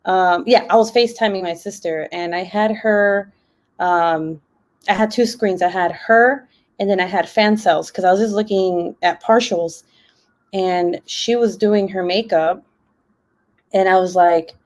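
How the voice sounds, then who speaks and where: A woman's voice: mid-range voice, measured pace. A woman hosting a casual craft livestream, chatty and laughing often.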